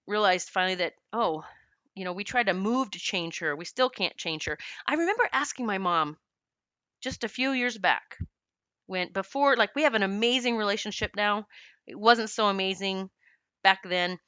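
A woman's voice: mid-range voice, bright, forceful tone, clean tone, no room sound. A middle-aged woman telling her life story candidly, laughing often and acting out what people said. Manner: acts out quoted voices of herself and others. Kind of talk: personal storytelling to camera.

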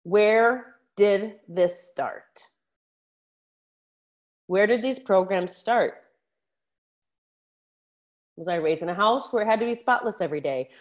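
A woman's voice: takes it slowly, long pauses. A woman life coach talking on her own podcast, frank and encouraging, who swears casually and calls her listeners out as a tough-love coach. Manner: frank, swears casually, animated shifts in pitch. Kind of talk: solo podcast coaching talk.

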